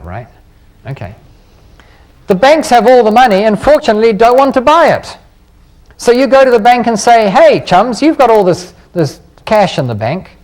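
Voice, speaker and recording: A middle-aged man with a fairly high voice addresses a live seminar audience. He talks boldly and persuasively, firing rhetorical questions at the room. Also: a little mellow. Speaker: seminar speaker on property investing.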